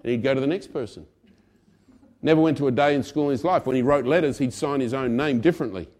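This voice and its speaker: A male pastor preaching a sermon in a conversational way, swinging between loud emphasis and quiet asides. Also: mid-range voice, fast talker.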